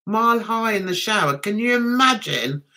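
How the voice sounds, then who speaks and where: A woman's voice: mid-range voice, animated, moderate pace, bright, forceful tone. A woman hosting a casual livestream, chatting and giggling as she reads viewer comments and answers them fondly. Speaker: livestream host.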